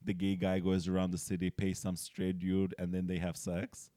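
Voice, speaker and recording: A man's voice: low voice, monotone, normal speed, mellow, no echo, clean studio sound. A man from Azerbaijan, a comedian guest, telling stories in casual podcast chat and laughing often. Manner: storytelling, joking, laughs often.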